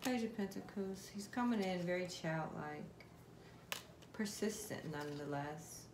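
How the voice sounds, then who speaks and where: Speaking at a measured pace in a voice on the low side, a woman gives a casual tarot reading for her viewers. She is chatty and direct and puts questions to spirit out loud, while the echoey room carries steady background noise.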